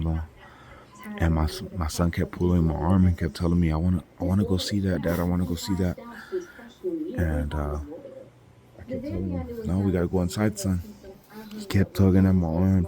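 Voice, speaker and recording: A man from California telling a personal story in a casual, rambling way, full of "like" and "you know". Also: sits low. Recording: crowd chatter clearly audible behind.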